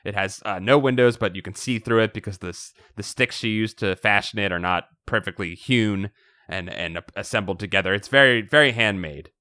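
A man's voice: lowish voice, brisk, no echo, clean studio sound. A man co-hosting a casual podcast, recapping a book with laughter and frequent swearing. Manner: animated, laughing, swears freely. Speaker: podcast co-host.

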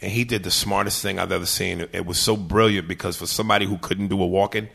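Gravelly husky man chatting about impressions. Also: low voice, steady tone, fast talker, a bit bright. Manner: doing movie impressions, laughing often. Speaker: comedian guest. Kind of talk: casual podcast chat.

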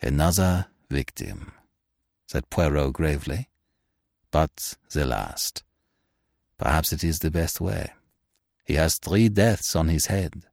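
A man voicing a calm middle-aged male detective in an audiobook reading, gentle, measured and grave. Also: mid-range voice, no room sound, clean studio sound. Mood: placid, explaining.

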